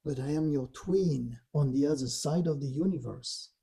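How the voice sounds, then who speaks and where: A man voicing a dark male spirit who taunts with sly, needling questions, in a low husky voice. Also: normal speed, exaggerated voice. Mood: taunting.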